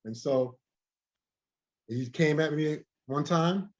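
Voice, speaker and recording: A man, a guest in an interview, telling a story in an animated way, often repeating and restarting words. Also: on the high side, slow. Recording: dull lo-fi recording.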